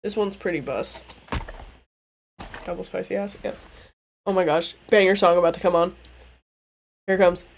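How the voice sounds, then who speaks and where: A woman's voice: lowish voice, normal speed, vocal fry, long pauses. Young woman streaming a game, cracks crude jokes, gets hyped easily. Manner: crude, joking and excitable. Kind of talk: casual gameplay stream chat.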